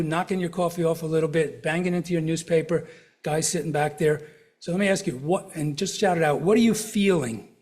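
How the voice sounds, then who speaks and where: A middle-aged man, a counselor, giving a conversational health talk to a live audience, asking questions and walking through examples. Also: a little high. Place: lecture room before a live audience.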